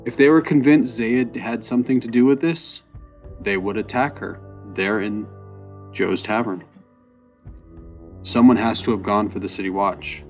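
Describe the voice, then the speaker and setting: A man with a fairly low voice narrating a fantasy tale at a measured pace. Soft guitar plays quietly behind him. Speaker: storyteller. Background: soft guitar music.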